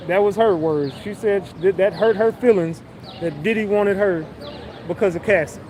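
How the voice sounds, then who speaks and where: High-voiced man ranting on a street. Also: darkish tone. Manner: blunt, profane, mocking retelling. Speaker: commentary vlogger. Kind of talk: casual recap commentary.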